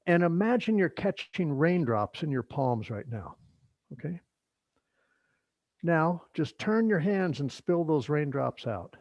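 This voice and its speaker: A middle-aged man leading a yoga workshop, giving instructions in a relaxed, chatty way with joking asides. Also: a little high, no echo. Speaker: yoga teacher.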